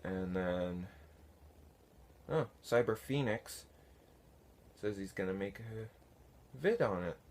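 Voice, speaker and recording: A man casually answering viewer comments, unhurried and halting, with many fillers. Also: lowish voice, animated, a little hiss or hum. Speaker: fan conlang vlogger answering comments. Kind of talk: casual talk to camera.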